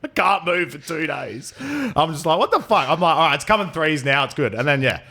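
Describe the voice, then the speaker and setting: A man's voice: on the high side, animated, a little fast, creaky, bright, forceful tone. A young adult man with a nasal voice, a fighter telling stories in a profane, rambling way in a casual podcast chat. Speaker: MMA fighter and guest.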